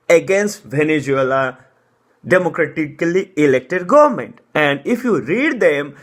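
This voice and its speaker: Man, young, heated political rant, rambling, indignant, fairly high voice. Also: fairly bright tone. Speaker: political commentator. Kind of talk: casual political monologue.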